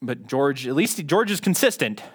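A man's voice: medium pitch, very animated, moderate pace, husky. A man preaching a sermon in a conversational, self-deprecating way, often restarting his sentences. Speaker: pastor.

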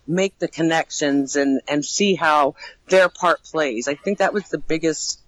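A chatty woman talks in an easygoing, animated way, often breaking into laughter. She trails off and restarts her thoughts as she goes, speaking like an actor trainer telling stories from work. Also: low voice, measured pace, no room sound, low-quality recording. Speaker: haunted attraction actor trainer. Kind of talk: casual interview chat.

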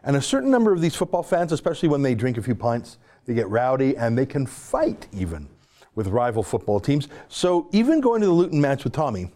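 Canadian male podcast host, brisk and chatty, mellow low-toned voice. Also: big pitch swings. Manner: brisk, chatty, self-mocking. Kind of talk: podcast monologue and field report.

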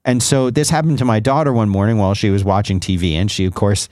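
A man's voice: lowish voice, fairly even intonation, quick pace, a little mellow, dry recording, studio quality. A man co-hosting a podcast, explaining gadgets in a rambling, self-correcting casual chat. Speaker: podcast co-host.

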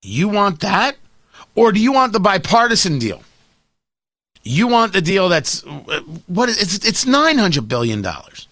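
A man hosting talk radio, riffing sarcastically and mocking his targets. His voice sits high and bright with a sharp edge. The sound is close and dry, with no room around it. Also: big pitch swings, a little slow, dry recording. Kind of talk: opinionated talk radio monologue.

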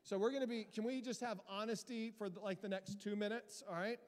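A man's voice: high voice, steady tone, a little fast. A male pastor preaching a sermon in a casual, joking, self-deprecating way. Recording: long church reverb.

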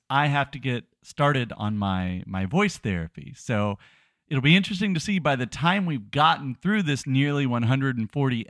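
A man's voice: medium pitch, a bit bright, no room sound, studio quality. A man co-hosting a podcast in casual chat, rambling and self-deprecating with frequent restarts. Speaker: podcast co-host. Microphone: podcast microphone.

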